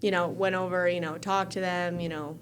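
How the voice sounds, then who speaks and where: A woman's voice: lowish voice, level tone, moderate pace, a little hiss or hum. A woman hosting a casual news chat show, rambling and filling gaps with "you know". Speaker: show host.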